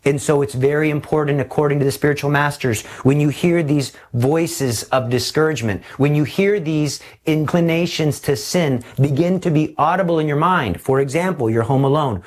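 Guy preaching a sermon, animated, slightly high voice, acts out the stories. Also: normal speed, few pauses. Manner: animated storytelling, acting out voices.

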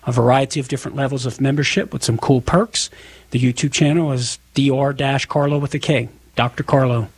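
Southern guy on the radio explaining things step by step, kinda husky voice. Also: medium pitch, fairly even intonation, brisk. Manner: methodical, lecturing explanation. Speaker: apologist guest.

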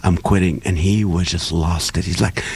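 A low-pitched man from the Middle East, a comedian, talks through his story as an interview guest. He slips into jokes and punchlines often and laughs along as he goes. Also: moderate pace, vocal fry, husky. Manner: joke-telling, lively, laughs often.

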